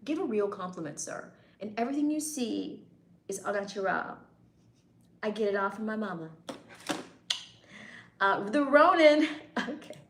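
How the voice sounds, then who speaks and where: A woman's voice: medium pitch, normal speed, a little hiss or hum. Teasing female streamer bantering with chat, roomy echo. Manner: playful, teasing, bantering with commenters. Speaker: livestream host reading chat. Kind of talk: casual live chat.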